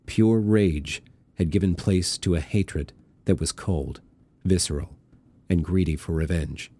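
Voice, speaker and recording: Male audiobook narrator, very deep voice, mellow, measured and deliberate reading. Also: husky. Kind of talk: scripted narration.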